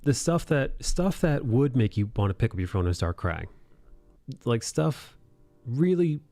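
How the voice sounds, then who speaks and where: Guy on an art livestream ranting, swears a lot, mocks people in silly voices, soft music behind. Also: medium pitch, a little slow, no echo. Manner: animated, swears freely, acts out mocking quotes. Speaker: livestream host drawing and chatting. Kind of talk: casual rant on a live art stream.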